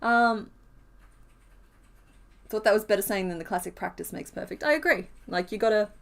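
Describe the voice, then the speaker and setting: A woman's voice: mid-range voice, expressive, moderate pace, fairly bright tone. A woman chatting casually on a live stream while she crochets, thinking aloud and laughing often.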